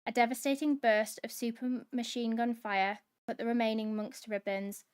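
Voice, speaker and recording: A woman hosting a book club, reading a novel aloud in steady dramatic narration. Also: a little high, normal speed, clear, resonant tone.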